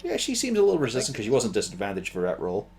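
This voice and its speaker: A man's voice: lowish voice, huge pitch swings, very fast, darkish tone, husky. A man narrating as game master in a tabletop game, laughing often as he describes scenes.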